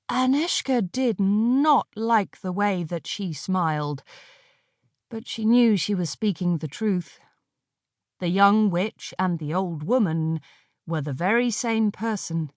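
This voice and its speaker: Female audiobook narrator, unhurried, expressive, dry close studio read. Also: mid-range voice, no room sound. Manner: measured, expressive storytelling.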